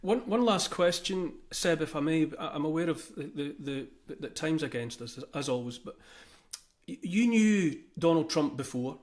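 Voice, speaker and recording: A man's voice: a little high, expressive, normal speed. A man from Britain hosting a political interview, asking reflective, searching questions. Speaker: host.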